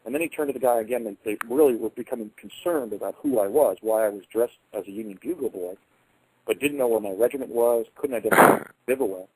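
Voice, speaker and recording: A man's voice: medium pitch, fairly quick, breathy edge, dry recording, poor audio. A man telling a long personal story in a rambling way, often correcting himself mid-sentence and acting out the voices of people he quotes. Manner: restarts and self-corrections, acts out quoted voices. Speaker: speaker recounting personal experiences.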